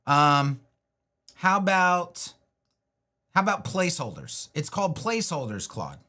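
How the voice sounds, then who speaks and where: A man's voice: a little high, sing-song, a little slow, sharp tone. Chatty man thinking aloud on a live build. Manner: loose and talkative, self-interrupting, jokes to himself. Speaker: web designer hosting a live build stream.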